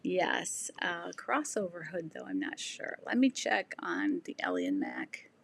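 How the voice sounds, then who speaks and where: A woman's voice: sits low, huge pitch swings, measured pace, creaky, slight background noise. A woman in her sixties who is losing her voice, hosting a casual sewing livestream, rambling with many ums and restarts while she reads viewer comments. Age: 60s. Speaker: sewing channel host.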